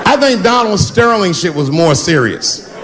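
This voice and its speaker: A brash middle-aged man performs stand-up on a handheld mic in a big theater, his voice swinging widely from low drawls up to high yelps. He is profane and drags his punchlines out long. Audience laughter and steady room noise sit behind him. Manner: brash, profane, drawn-out punchlines with playful voice shifts. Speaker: stand-up comedian. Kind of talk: stand-up comedy set. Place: large theater with live audience. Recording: live crowd laughter, background noise.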